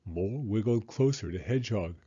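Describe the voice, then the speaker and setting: Animated man reading a kids' book. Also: on the low side, fairly quick, breathy edge, highs cut off. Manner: expressive, animated storytelling. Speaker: storybook reader. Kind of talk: reading a children's book aloud.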